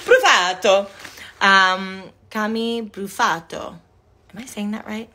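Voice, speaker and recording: A chatty, unhurried woman on a phone livestream. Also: medium pitch, fairly even intonation, bright, forceful tone. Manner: reading fan cards aloud, chatty with frequent "like". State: tired. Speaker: actress thanking fans on a livestream. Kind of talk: casual livestream chat. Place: indoor room with couches.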